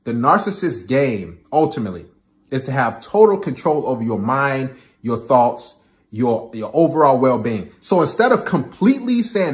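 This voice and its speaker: A man talking straight to camera about relationships, acting out what people say in a higher voice. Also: measured pace. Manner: animated, acts out quoted speech in a raised voice. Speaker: relationship advice commentator. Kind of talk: talking-head commentary.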